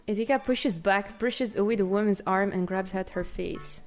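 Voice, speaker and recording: A woman streaming a game, reading its text aloud and breaking into giggly, excited outbursts. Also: medium pitch, normal speed, faint music behind. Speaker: VTuber streamer.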